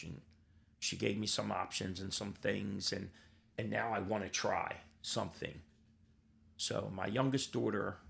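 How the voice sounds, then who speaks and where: An older man with a gravelly, low voice full of rough vocal fry, yet fairly bright in tone, shares his own story as a podcast guest. He's blunt and raw, curses without any filter, and mimics the voices of the people he quotes in this candid personal account.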